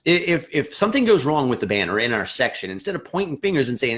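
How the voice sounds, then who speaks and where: Male band-leadership coach, mid-pitched, lively delivery that slips into quick character voices for students. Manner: animated, acts out quoted students with voices and laughs. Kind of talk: motivational talk to camera.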